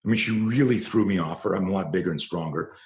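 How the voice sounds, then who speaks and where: A middle-aged man, a self-defense trainer, telling a story in an interview and growing animated as it builds. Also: quick pace, reverberant. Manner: animated storyteller, rising in pitch and force when excited.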